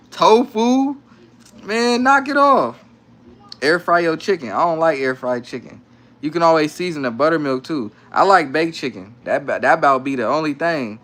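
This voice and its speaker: Young adult man, livestream host at home; casual slangy banter, frequent laughs, slightly high pitch. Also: a bit bright. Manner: laid-back slangy banter, laughs often. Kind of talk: casual live stream chat reading comments. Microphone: phone.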